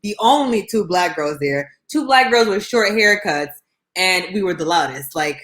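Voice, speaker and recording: A young woman in casual podcast chat, animated as she tells stories and acts out other people's voices. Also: on the low side, moderate pace, echoey room. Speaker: podcast co-host.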